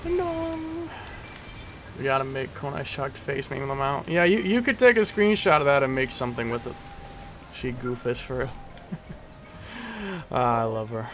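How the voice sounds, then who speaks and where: A man's voice: mid-range voice, lively intonation, normal speed, pauses often, a bit bright, soft background music. Joking, foul-mouthed young gaming streamer man. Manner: joking, swearing, teasing back at chat. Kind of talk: casual profane gameplay commentary.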